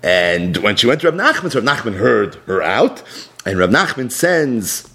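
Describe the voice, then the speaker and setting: A man giving a Talmud lecture in an animated, explanatory way, with Aramaic terms mixed into his speech. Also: fairly low pitch, normal speed. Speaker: Talmud teacher.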